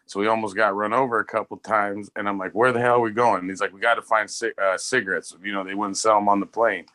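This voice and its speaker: A man's voice: on the low side, fairly even intonation, fast, pushed and bright. A man co-hosting a casual pop culture live stream, telling rambling, profane anecdotes. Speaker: podcast co-host. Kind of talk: casual chat, storytelling.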